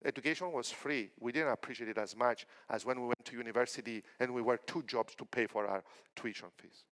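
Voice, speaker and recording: A man's voice: mid-range voice, brisk. A middle-aged man from Cyprus giving a conference keynote, telling stories with acted-out quotes. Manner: animated storytelling with acted quotes. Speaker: keynote speaker.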